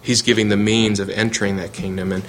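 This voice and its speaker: A man's voice: lowish voice, level tone, quick pace, fairly bright tone, slight background noise. Earnest man teaching a Bible class. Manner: earnest, reads scripture aloud, restarts and searches for words.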